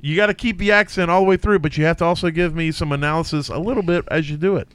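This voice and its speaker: A man's voice: on the high side, fast, fairly bright tone, smooth. A man co-hosting a casual podcast chat, talking hesitantly with frequent restarts and laughter. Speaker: podcast co-host. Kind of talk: casual fantasy sports chat.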